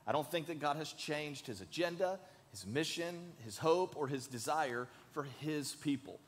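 A man's voice: on the high side, lively intonation, normal speed. A man preaching a sermon as pastor in a church, earnest and emphatic, leading the congregation in saying lines together. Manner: earnest, emphatic, leads the congregation in call-and-response. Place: large church sanctuary. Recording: long hall reverb.

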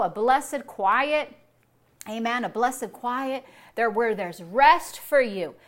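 A woman pastor preaches with a bright, ringing voice, exuberant and full of bursts of laughter. She repeats short phrases and calls for amens from her listeners. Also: a little high. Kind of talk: sermon.

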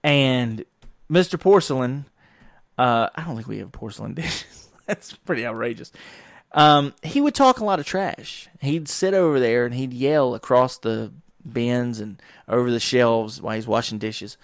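A professional wrestler tells rambling stories from work in a casual monologue, animatedly acting out what other people said. His voice is medium-pitched and a little slow, captured in a dry, clean studio recording.

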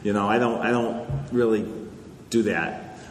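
A middle-aged man, an author and guest speaker, telling anecdotes on a panel in an animated, laughing way. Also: lowish voice, unhurried. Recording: echoey hall with crowd noise.

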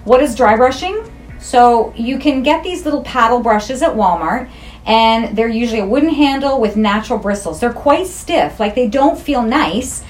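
A middle-aged woman esthetician, talking frankly and jokingly in a casual interview. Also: fairly high pitch. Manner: frank, jokey and chatty.

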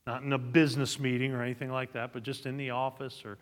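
A man's voice: mid-range voice, level tone, fast, long reverb tail. A middle-aged male pastor preaching a sermon, reading scripture aloud and building to emphatic peaks. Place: church sanctuary.

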